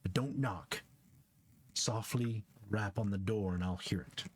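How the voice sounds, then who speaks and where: A man doing a hushed, nervous house servant. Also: a little slow, a little hiss or hum, natural voice. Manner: low, hushed and fretful.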